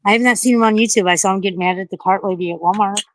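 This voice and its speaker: A woman's voice: mid-range voice, racing, background noise. A woman chatting on a livestream, swearing a lot and sounding scared and out of breath outdoors at night. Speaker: streamer. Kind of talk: casual livestream chat.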